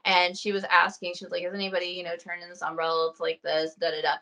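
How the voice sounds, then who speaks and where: A woman's voice: on the low side, monotone, fast, sharp tone, low-quality recording. A young woman hosting a casual chat, telling stories with quoted asides and easy laughs. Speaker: host.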